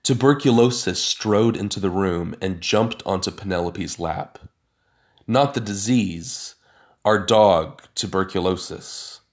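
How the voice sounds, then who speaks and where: A man's voice: deep voice, takes it slowly. A man narrating a first-person story with dry, sardonic asides.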